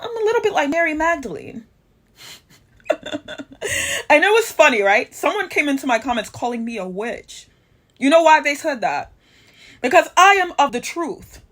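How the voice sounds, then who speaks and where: A woman with a high voice talks straight to her viewers in a preachy monologue. She is defiant and confrontational, and she hammers home her points by repeating phrases. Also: sing-song, fairly quick, a bit bright. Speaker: online commentator.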